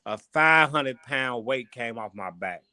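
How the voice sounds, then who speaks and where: A man from Chicago, a former boxer, guesting on a podcast and telling stories from his life in a loose, animated, slangy way with plenty of swearing. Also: mid-range voice, measured pace, clear, resonant tone, no room sound. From Chicago, USA. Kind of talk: casual storytelling interview.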